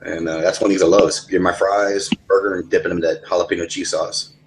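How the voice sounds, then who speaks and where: A man's voice: deep voice, level tone, fast talker, slight background noise, low-quality recording. A man in a casual online voice chat, telling rambling stories with plenty of swearing. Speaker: voice chat participant.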